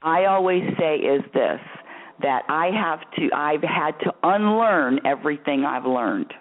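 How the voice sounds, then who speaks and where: A woman's voice: low voice, animated, unhurried. A woman hosting a spiritual advice call-in radio show, talking emphatically and repeating herself, calling the caller honey and dear, often laughing. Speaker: radio host answering callers. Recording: narrow phone-like radio audio.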